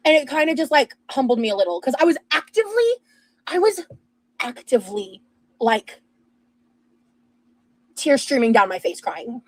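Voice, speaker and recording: A woman's voice: sits high, sing-song, moderate pace, long pauses, no echo, rough recording. A young woman telling a rambling personal story in casual chat, with lots of fillers and restarts. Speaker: streamer and podcast host.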